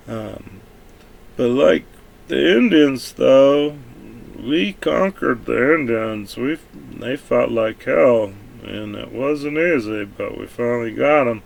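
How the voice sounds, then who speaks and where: A man's voice: mid-range voice, vocal fry. A man from the United States talking bluntly and offhandedly in a rambling, profane vlog monologue. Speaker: vlogger.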